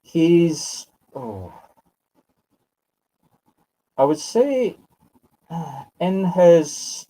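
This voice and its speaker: A man's voice: a little high, sing-song, drawn-out words, pauses often, dark tone, low-quality recording. A Scottish man in his fifties giving live spiritual readings, musing aloud and correcting himself as he addresses sitters by name. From Scotland. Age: 50s. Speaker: medium.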